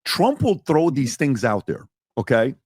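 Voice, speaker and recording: A man in a debate-show discussion, arguing his point with animated storytelling. His pitch swings widely while it sits in a middle register, and he drops into quick imitations of other people. The recording is dry and close. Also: breathy edge, no echo. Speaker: podcast host.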